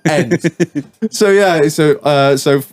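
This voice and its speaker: A man's voice: fairly high pitch, fairly quick, dry recording. A man hosting a podcast, telling a sweary story in a casual, laughing way. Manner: sweary, laughing, animated anecdotes. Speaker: podcast host. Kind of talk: casual pub-style storytelling.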